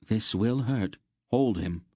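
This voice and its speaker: Stern commanding sorceress healer woman, brisk sharp orders, raised voice, dry close sound, a man doing her. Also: lowish voice, dry recording, voice pushed up.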